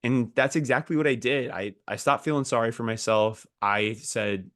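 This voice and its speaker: A man's voice: medium pitch, normal speed, few pauses, a bit bright, no room sound, studio quality. A man co-hosting a podcast in casual chat, telling his story in an earnest, motivational way. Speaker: podcast co-host, sales engineer.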